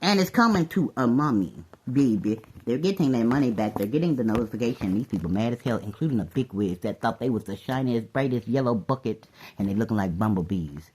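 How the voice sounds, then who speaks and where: A woman giving a casual tarot reading to her viewers, animated, calling everyone "baby" and laughing often. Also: a bass voice, brisk, slight background noise. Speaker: tarot reader.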